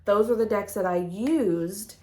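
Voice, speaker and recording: Slow, soft-spoken woman chatting. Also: mid-range voice, slight background noise. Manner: rambling, soft-spoken, many fillers. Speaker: tarot vlogger. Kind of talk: casual chat showing tarot decks.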